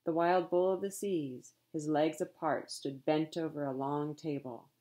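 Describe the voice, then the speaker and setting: A woman reading a children's novel aloud with expression, stopping now and then to explain a word. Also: low voice. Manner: expressive read-aloud, pausing to explain words. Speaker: reader.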